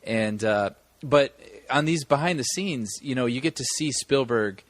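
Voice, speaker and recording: A man's voice: mid-range voice, unhurried, dry recording. A man co-hosting a movie podcast, telling a long story in casual chat with many restarts. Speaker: podcast co-host.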